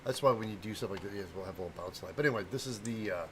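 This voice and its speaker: Racing along in a fairly low voice, a middle-aged prop maker from the American Midwest hosts a casual livestream chat. He rambles and trips over names, with background noise in the mix.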